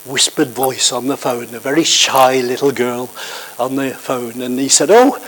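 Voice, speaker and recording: Hesitant preacher telling a story. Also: male voice, mid-range voice, little pitch movement, a little slow, fairly bright tone, rough recording. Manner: conversational, hesitant, with many fillers. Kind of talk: sermon with an anecdote.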